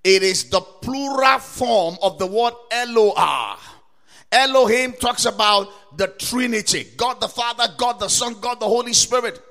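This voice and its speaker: A man preaching a sermon to listeners, asking rhetorical questions again and again, citing scripture verses and building up to emphatic shouts. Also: very high voice, unhurried. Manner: quotes and cites scripture verses. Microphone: recorded for broadcast to listeners or viewers.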